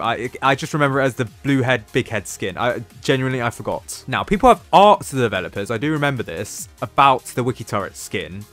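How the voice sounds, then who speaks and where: A man's voice: mid-range voice, a bit bright. Rambling young southern English man. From southern England. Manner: rambling, self-correcting, with frequent fillers. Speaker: Roblox YouTuber. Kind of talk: casual commentary over game footage.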